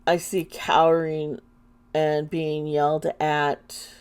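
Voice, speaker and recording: A woman's voice: low-pitched, completely flat delivery, slow pace, a little mellow, smooth. A woman doing an intuitive tarot reading for her vlog, earnest and emotional, often trailing off mid-sentence. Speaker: tarot reader.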